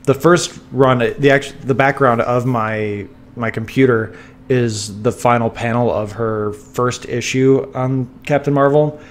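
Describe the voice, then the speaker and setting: A man of middle pitch chats on a podcast from his home, close to a sensitive microphone. He talks eagerly and rambles, restarting sentences, with a dry cough now and then. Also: fairly even intonation, measured pace. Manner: enthusiastic, rambling with restarts and fillers. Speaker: podcast co-host. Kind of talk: casual chat. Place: home room. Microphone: sensitive studio mic.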